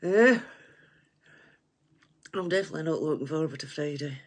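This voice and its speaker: A woman's voice: low voice, normal speed. An older woman with a Scottish accent chatting casually to livestream viewers, chatty and self-mocking with frequent laughs, and a runny nose. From Scotland. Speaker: livestream host.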